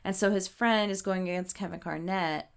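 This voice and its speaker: A woman's voice: fairly low pitch, fairly even intonation, normal speed, vocal fry, clear, resonant tone. A woman co-hosting a podcast, animatedly retelling a movie plot in casual chat, full of "like" and casual swearing. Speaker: podcast co-host.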